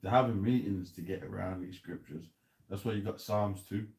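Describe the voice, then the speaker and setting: A man's voice: low-pitched, normal speed, vocal fry, darkish tone. A man hosting a loose, laughing chat about scripture, in casual street slang. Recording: roomy echo.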